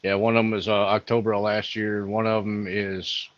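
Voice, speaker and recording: A man's voice: on the low side, little pitch movement, normal speed, no echo, lo-fi sound. A man co-hosting a casual livestream, laid-back and agreeable, reading from chat. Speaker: livestream co-host.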